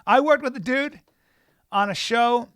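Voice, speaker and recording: A man's voice: very high voice, measured pace, fairly bright tone, clean tone, no room sound. A man co-hosting a podcast in a studio, telling stories animatedly and swearing freely. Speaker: podcast co-host. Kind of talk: casual chat.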